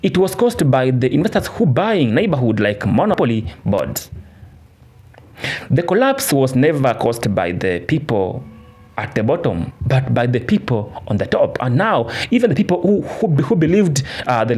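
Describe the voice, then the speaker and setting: A man's voice: medium pitch, sing-song, normal speed, a little mellow, husky. A man narrating a political commentary, emphatic and repetitive, with restarts. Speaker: channel narrator. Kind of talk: commentary voice-over.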